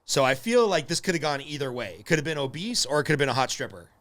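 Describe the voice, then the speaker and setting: A man hosting a podcast, chiming in with a quick joke during casual chat. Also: a little high, big pitch swings, fairly bright tone. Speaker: podcast host.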